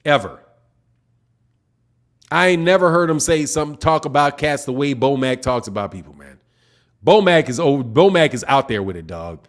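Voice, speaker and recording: A man's voice: medium pitch, lively intonation, moderate pace, pauses often. A man hosting a casual boxing livestream, reading chat messages and talking in laid-back slang. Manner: laid-back slangy talk, says man and dog often. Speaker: boxing channel host.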